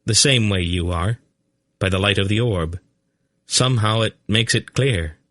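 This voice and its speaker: A man's voice: lowish voice, a little slow, a bit bright, no room sound, clean studio sound. A man reading a grim, insistent young man. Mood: earnest.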